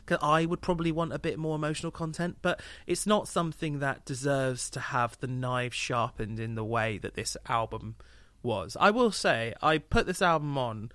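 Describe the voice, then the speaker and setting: Measured hedging man, dry sound. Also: medium pitch, fairly bright tone, no echo. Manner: measured, hedging, restarts often. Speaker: podcast co-host. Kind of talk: casual music review chat.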